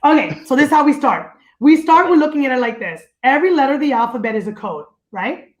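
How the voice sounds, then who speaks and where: An energetic, joking woman on a video call, explaining the dance teaching system she created in a lively, teacherly way. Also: high voice, fast talker, muffled recording. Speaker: guest, dance company founder.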